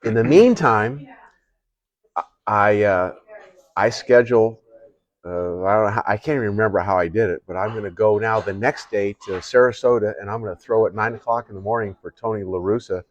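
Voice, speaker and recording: An older man, a retired baseball pitcher, telling his career stories in casual chat and acting out the lines of the people in them. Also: a little fast. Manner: animated, acts out other people's lines in quotes. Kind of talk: casual storytelling. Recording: dull lo-fi sound.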